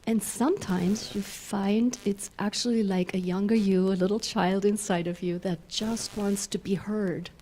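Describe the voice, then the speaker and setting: A woman minister gives a gentle spiritual talk in a middle-range voice, laughing often as she leads her listeners through slow breaths. A faint hum of room noise sits behind her. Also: medium pitch, steady tone. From German-speaking Europe. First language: German. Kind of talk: spiritual talk with guided exercises.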